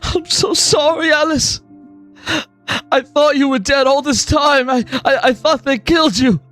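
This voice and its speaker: A man's voice: extremely high pitch, measured pace, fairly bright tone, faint music behind, voice pushed up. A man voicing a weeping, remorseful father who stammers through his apologies while crying, in a tabletop game. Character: weeping remorseful middle-aged father, a lord.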